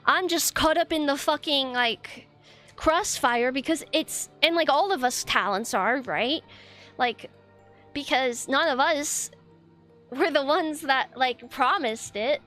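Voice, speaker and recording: A woman's voice: high voice, takes it slowly, a bit bright, faint music behind. A woman streamer venting in a casual, frustrated rant, swearing often and rambling with lots of fillers.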